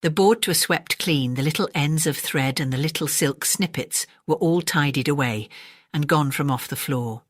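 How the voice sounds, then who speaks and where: Low-voiced gentle English storyteller woman. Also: moderate pace, dry recording, clean studio sound. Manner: gentle, expressive. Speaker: audiobook narrator.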